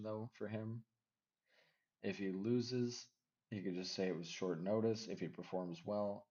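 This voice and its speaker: A man giving casual MMA fight predictions, rambling and second-guessing himself out loud. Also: on the low side, lo-fi sound. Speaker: MMA fight picks vlogger.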